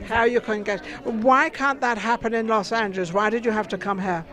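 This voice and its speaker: A woman's voice: on the high side, fairly even intonation, fairly quick. A woman interviewing guests on a red carpet, chatty and encouraging, full of friendly advice. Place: outdoor red carpet event. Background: crowd chatter.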